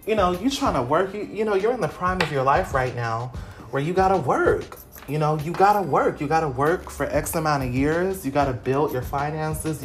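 A young adult woman hosting her own podcast, talking casually and slangily, giving motivational pep talk straight to her listeners. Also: sits low. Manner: chatty, slangy and motivational, addresses listeners directly. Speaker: podcast host.

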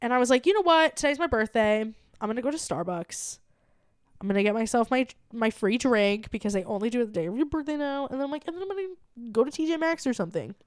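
On a comedy podcast, a young adult woman co-host animatedly recounts a story in casual conversation, performing the quotes and swearing casually. She talks fast in a fairly high voice, recorded in studio quality with no room sound.

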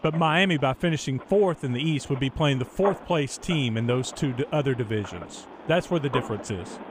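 A man's voice: medium pitch, animated, brisk, background noise. A man co-hosting a sports talk radio show, patiently explaining things to a caller step by step. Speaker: radio co-host.

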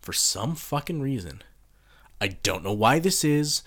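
Lively, exasperated ranting man. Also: medium pitch, measured pace. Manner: profane ranting, builds to loud exasperated outbursts. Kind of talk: casual chat. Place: lives near Tokyo.

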